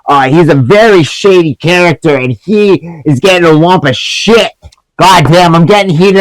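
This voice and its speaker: A man's voice: on the high side, normal speed, dry recording, low-quality recording. A man reviewing movies in a profane, sarcastic comedic rant. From Canada.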